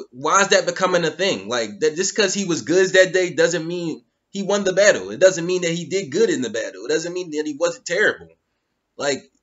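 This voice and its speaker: A man's voice: on the high side, a bit bright, highs cut off. Incredulous man ranting in slang. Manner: incredulous, mocking, repeats phrases, slangy. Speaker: YouTube commentator. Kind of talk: casual commentary rant.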